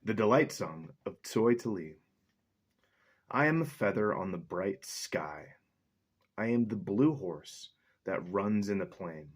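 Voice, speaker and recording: Low husky guy reading poems to his camera, chatty and jokey. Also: animated, takes it slowly. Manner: chatty, joking asides. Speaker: vlogger reading poetry aloud. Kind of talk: casual chat and poetry reading.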